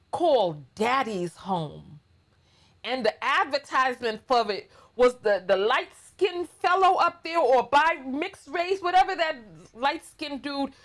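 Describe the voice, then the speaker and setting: A woman with a New York accent delivers casual vlog commentary in a high, unhurried voice. She is blunt and sarcastic, drawing out words for emphasis as she lectures her audience. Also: a bit bright. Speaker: commentary channel host.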